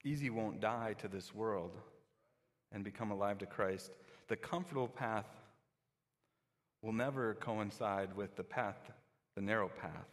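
A male preacher gives a sermon in a relaxed, talky style, slipping into little acted-out voices of the crowd. His voice sits a bit low, and a long hall reverb trails after his words. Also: measured pace. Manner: conversational, acts out quoted listeners.

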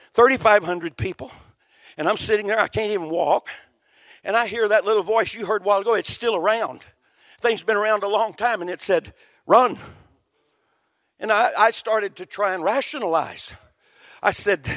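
A man preaching a sermon with a very high voice and a gravelly edge. He tells his story in a folksy way and builds to fervent shouts. The sound is dry and close. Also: no room sound. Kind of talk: sermon testimony.

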